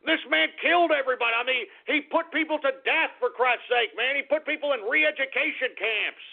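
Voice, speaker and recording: A man with a high, gravelly voice rants as a talk radio host, cursing and circling back over the same complaints. He sighs heavily between outbursts. The sound is thin and tinny, like a phone line. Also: a little fast. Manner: angry, profane, repeats himself, sighs a lot. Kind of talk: ranting talk radio monologue.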